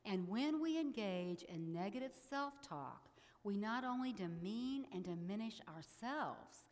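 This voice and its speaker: Slow-speaking woman minister in a reverberant hall. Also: medium pitch, expressive, darkish tone. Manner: measured, leads the congregation in spoken affirmations. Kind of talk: sermon.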